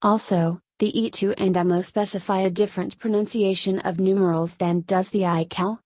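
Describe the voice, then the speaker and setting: A woman narrating an encyclopedia article aloud, reading in a steady, measured way and spelling out letters with care. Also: lowish voice, dry recording.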